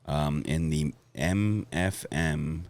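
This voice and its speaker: A man's voice: rumbling low, drawn-out words, darkish tone. A man telling rambling, profane stories in a casual podcast chat, laughing as he goes. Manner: rambling storytelling, laughs often, swears. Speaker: comedian guest.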